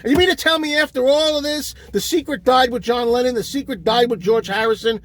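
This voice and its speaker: A man's voice: very high voice, fairly even intonation, brisk, a bit bright, no room sound. A man ranting in an exasperated comedic tirade and insulting his listeners. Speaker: comic ranting host. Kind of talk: comedic rant.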